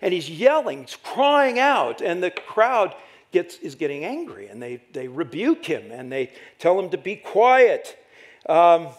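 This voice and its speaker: A middle-aged man preaching a sermon as pastor, animated and rhetorical, often tagging lines with "right?". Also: on the high side, unhurried. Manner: animated, rhetorical "right?" asides, dramatic acted quotes.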